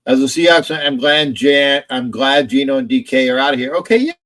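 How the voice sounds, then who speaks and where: Talking fairly quickly and expressively, this man has a mid-range, somewhat bright voice. He's hosting a relaxed football stream at home on camera, rambling on, reading out viewers' chat messages, and pushing back against them.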